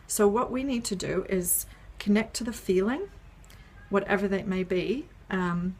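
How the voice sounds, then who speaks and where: A woman's voice: medium pitch, unhurried, darkish tone, breathy edge. A woman explaining an idea in a casual video, step by step, with frequent ums and "right?" checks. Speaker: parenting educator.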